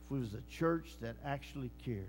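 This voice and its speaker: A man preaching a sermon and telling a moving story, swinging between loud bursts and hushed lines. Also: medium pitch, expressive, brisk. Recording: long echoing church hall reverb.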